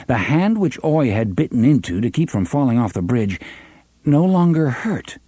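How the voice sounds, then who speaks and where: A man narrating an audiobook with an expressive, varied delivery, close to the mic. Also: medium pitch, normal speed, breathy edge, no room sound. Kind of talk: scripted narration.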